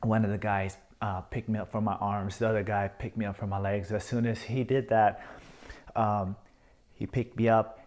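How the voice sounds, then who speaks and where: A military veteran man giving candid personal testimony, blunt and profane, halting with frequent restarts. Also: fairly low pitch, level tone, darkish tone. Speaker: military veteran telling his story.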